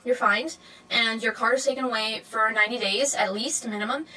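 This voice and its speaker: Young woman vlogger, bright, fairly high voice, rambling casual chat full of ums and restarts, animated with sudden high squeals. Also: a little fast, poor audio. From Canada. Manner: rambling, lots of fillers and self-corrections. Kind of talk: casual chatty vlog monologue.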